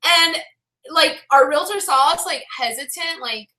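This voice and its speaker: A woman's voice: sits high, lively intonation, measured pace, bright, forceful tone, reverberant. A woman vlogger telling a story in a casual, chatty way, filling her talk with "like" and often breaking into laughter.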